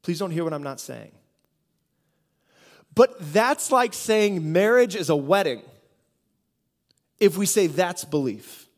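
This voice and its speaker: An American pastor with a high-pitched, expressive voice preaches in a conversational style, speaking slowly and pausing often. He poses rhetorical questions and keeps repeating phrases as he works toward his point.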